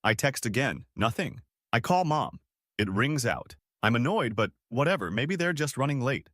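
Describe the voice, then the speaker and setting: Lively-voiced man reading a story. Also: mid-range voice, normal speed, dry recording, studio quality. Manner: casual, conversational storytelling. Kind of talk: reading a first-person online story aloud.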